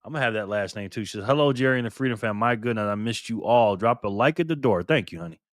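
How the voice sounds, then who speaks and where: A man's voice: on the low side, quick pace, no echo, studio quality. A man hosting a casual livestream, cheerfully greeting viewers by name one after another. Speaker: livestream host.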